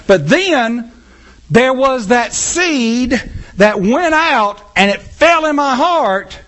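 A pastor preaches to his church in a high, fairly bright voice, swinging passionately up and down in pitch and calling out to the congregation. He's animated but slow in delivery.

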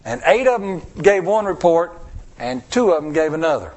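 High-voiced male pastor preaching. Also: moderate pace. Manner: expressive preaching with rhetorical questions to the congregation; acts out the voices of people he quotes. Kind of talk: sermon.

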